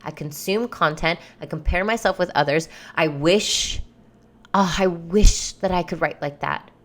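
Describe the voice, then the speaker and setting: A woman's voice: on the low side, unhurried. A woman hosting her own podcast, talking candidly and loosely in a rambling monologue, swearing freely. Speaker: podcast host and coach. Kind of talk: casual solo podcast monologue.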